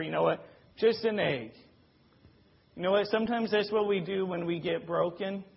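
A man's voice: high-pitched, creaky, slightly rough. A man preaching a sermon in an earnest, repetitive way, leaning on rhetorical questions. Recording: dull lo-fi recording.

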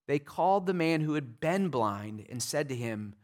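A man with a fairly high voice preaching a sermon. He speaks emphatically and conversationally, often restarting sentences and adding vivid asides. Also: lively intonation, moderate pace. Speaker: pastor.

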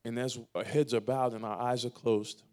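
A man pastor preaches from the stage of a church sanctuary, his voice sitting in an ordinary middle register. He swings between emphatic, louder declarations and hushed, slowed pleas to the congregation. Soft music plays faintly behind him. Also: medium pitch, level tone. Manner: preaching with emphatic swells and quiet, drawn-out pleas. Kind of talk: sermon.

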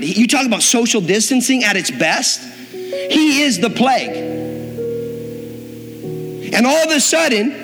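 A man's voice: very high voice, a bit bright. A man preaching a sermon, building in intensity and acting out the voices he quotes. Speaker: pastor. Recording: long reverb in a hall, faint music behind.

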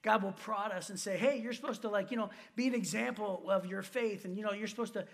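A man preaching with a high voice and a quick, rushing delivery. He tells a story with lots of animation and acts out the other voices himself, laughing at his own mishaps. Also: steady tone, creaky. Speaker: pastor. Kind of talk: sermon storytelling.

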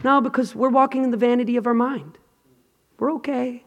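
A man preaching a sermon with passion. He reads scripture dramatically and swings between shouting and hushed, near-whispered tones. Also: extremely high pitch, fairly even intonation, fast, in a large hall, lo-fi sound.

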